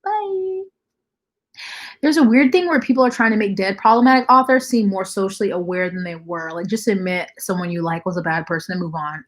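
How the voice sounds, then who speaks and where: A woman's voice: medium pitch, quick pace, hardly any pauses. A young woman hosting a casual livestream, bluntly reacting to chat comments and swearing freely. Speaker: livestream host.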